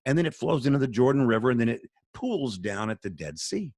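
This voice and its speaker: A man's voice: mid-range voice, sing-song, a little fast, a little mellow, dry recording, clean studio sound. A man who speaks for a charity, talking on a video call in an earnest, sermon-like storytelling way. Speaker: charity spokesman, radio guest.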